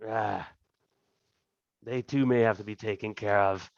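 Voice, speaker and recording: A fat, scheming king of thieves drawls out his offers, as a man puts him on, slow and oily, pitched a little above a plain speaking voice and ending lines with a sly "eh?". The sound is dry and dull, like a lo-fi home recording. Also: fairly even intonation, gravelly, no echo. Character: huge, greedy, scheming male thieves' king.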